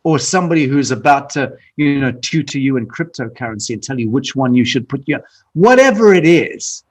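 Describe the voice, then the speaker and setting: A man's voice: medium pitch, expressive, brisk. A man being interviewed who answers bluntly and emphatically, restarting phrases and repeating words often. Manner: blunt, emphatic, profane at times; frequent restarts and repetition. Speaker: podcast guest. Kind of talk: candid conversational interview.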